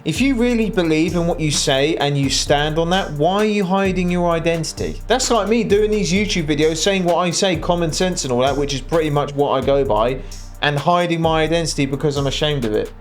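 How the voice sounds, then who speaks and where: A man's voice: on the high side, a little fast, soft background music. A man hosting a reaction commentary channel, talking bluntly and mockingly over clips. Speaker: commentary host.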